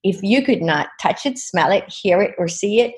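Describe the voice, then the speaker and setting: A woman's voice: mid-range voice, expressive, moderate pace. A woman guest in an interview, earnestly retelling a personal experience with many "you know"s. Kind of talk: personal storytelling.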